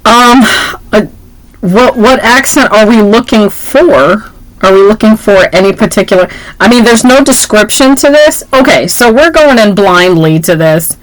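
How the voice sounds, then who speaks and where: A woman co-hosts a relaxed movie talk, joking and animated as she goes. Her voice sits at a middle pitch. The sound is dry and close. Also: moderate pace, no echo, rough recording. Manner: playful, animated, jokes and puts on voices. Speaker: podcast co-host. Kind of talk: casual chat about movies.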